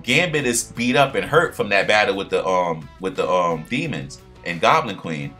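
Lively man recapping a cartoon episode, bright voice. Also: deep voice, normal speed, faint music behind. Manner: animated retelling with slang, acts out quoted lines in a raised voice. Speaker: pop culture commentator.

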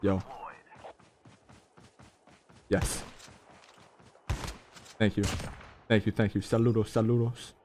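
A young man giving excitable, slangy live commentary on a mobile shooter game to his viewers, breaking into sudden high yelps. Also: slow, long pauses, a little hiss or hum.

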